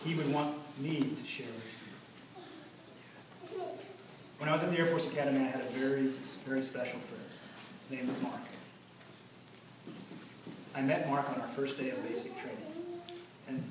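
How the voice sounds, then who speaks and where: A man giving an earnest memorial speech about his late father, telling stories with many pauses. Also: medium pitch, fairly even intonation. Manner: earnest, storytelling, pauses often. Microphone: far from the recording mic. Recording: echoey hall from far off, noisy.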